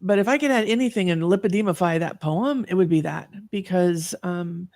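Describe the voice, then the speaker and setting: A woman's voice: lowish voice, a little fast, a little mellow, no echo. A woman in her fifties, a guest telling her personal story in an earnest, reflective way, with many fillers and restarts. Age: 50s. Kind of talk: personal story in an online talk.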